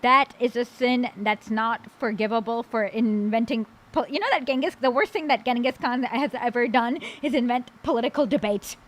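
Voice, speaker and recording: A woman's voice: fairly high pitch, moderate pace, hardly any pauses. A woman hosting a casual talk stream who reacts to clips, blunt and rambling with many fillers and the odd swear.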